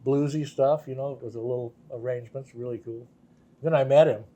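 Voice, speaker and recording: An older man, a guitarist, telling anecdotes in a relaxed interview, laughing often and acting out the voices of the people in his stories. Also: medium pitch, fairly quick. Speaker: guest guitarist. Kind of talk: casual storytelling interview.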